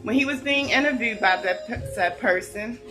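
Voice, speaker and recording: A middle-aged woman telling a heartfelt personal story in an earnest, deliberate way. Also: fairly high pitch, over music, poor audio. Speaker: vlogger. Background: a song playing softly.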